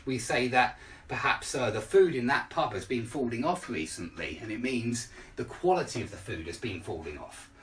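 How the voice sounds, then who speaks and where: A man's voice: fairly high pitch, a bit bright, distant mic. A man teaching an online lesson, patiently explaining with everyday examples. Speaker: English teacher.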